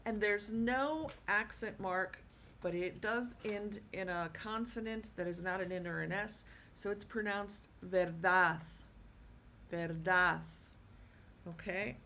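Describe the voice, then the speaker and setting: A woman teaching a casual video lesson, speaking patiently and repeating words slowly for learners. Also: mid-range voice, a bit bright, a little hiss or hum. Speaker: Spanish teacher.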